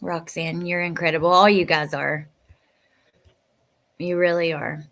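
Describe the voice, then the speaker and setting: A woman hosting a live stream, chatting casually and emotionally as she answers viewer comments, sometimes sinking to a soft near-whisper. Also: fairly low pitch, flat delivery, unhurried, gravelly. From West Virginia. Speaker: livestream host.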